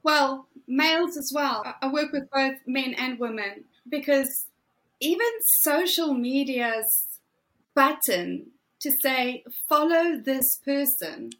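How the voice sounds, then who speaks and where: Woman, 40s, high voice, unhurried, emphatic motivational coach. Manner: emphatic, animated, drawn-out phrasing. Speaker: guest, fear coach. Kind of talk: motivational interview talk.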